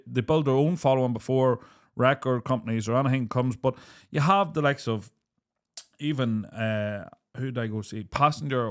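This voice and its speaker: A man hosting a podcast, asking long, rambling questions in casual chat. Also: mid-range voice. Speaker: podcast host.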